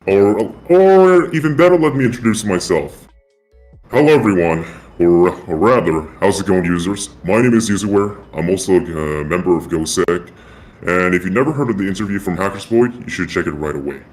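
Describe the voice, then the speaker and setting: A man's voice: deep voice, lively intonation, normal speed, darkish tone, faint music behind. A man talking through a voice changer as a caller in an online voice chat, rambling and repeating himself. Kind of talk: casual chat. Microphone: online voice chat mic.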